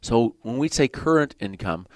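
A man with a Michigan accent hosting a radio mortgage show, explaining loan numbers in quick bursts with jokey asides. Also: mid-range voice, expressive, a little mellow, no room sound. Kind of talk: casual radio talk. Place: radio studio. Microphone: studio microphone.

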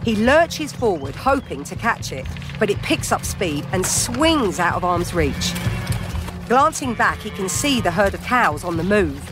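Expressive storybook narrator over music. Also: medium pitch, unhurried. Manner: expressive, chatty asides to listeners.

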